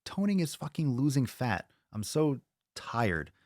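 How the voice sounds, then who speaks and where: A man's voice: medium pitch, sing-song, unhurried, darkish tone, no room sound, studio quality. A man hosting a fitness podcast in casual chat, ranting bluntly and swearing often. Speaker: podcast host.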